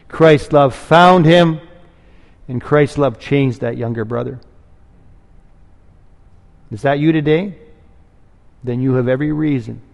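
A man's voice: medium pitch, vocal fry, darkish tone, in a large hall. A man preaching a sermon, earnest and pleading, rising to emphatic peaks.

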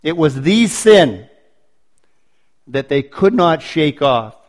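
A man preaching a sermon, building points through emphatic repetition and slowing down on stressed phrases. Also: fairly high pitch, big pitch swings.

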